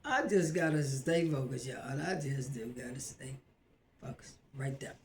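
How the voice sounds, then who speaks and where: A married woman hosting a casual live cooking video at home, chatting excitedly to her viewers and laughing often. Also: rumbling low, a little slow, slight background noise. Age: adult, married. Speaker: host of a home cooking channel. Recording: roomy echo.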